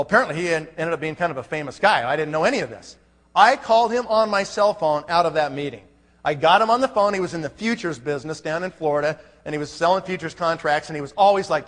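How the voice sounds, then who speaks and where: A man giving a motivational business presentation, telling a story and acting out the dialogue. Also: fairly high pitch. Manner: animated, acts out dialogue. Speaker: network marketing speaker. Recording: reverberant hall.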